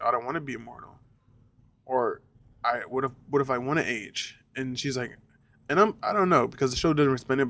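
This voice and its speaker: A young man talks through a show review in a loose, casual way. He circles back on his points, restarts sentences, and curses when something bugs him. His pitch sits in an ordinary middle range for a man. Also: a bit bright. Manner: rambling, repeats himself, swears when annoyed. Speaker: reaction reviewer.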